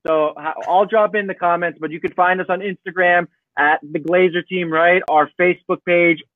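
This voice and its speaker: A man joining an interview over a video call, his voice a touch high, thin and phone-like, with a close, dry sound. He talks in an upbeat, joking way and swears casually. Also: fairly even intonation, moderate pace, no echo. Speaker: guest.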